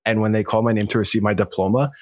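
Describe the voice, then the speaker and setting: A young man co-hosting a football podcast, joking and animated in casual chat. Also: fairly low pitch, no echo. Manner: fast-talking, animated, joking. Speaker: podcast co-host.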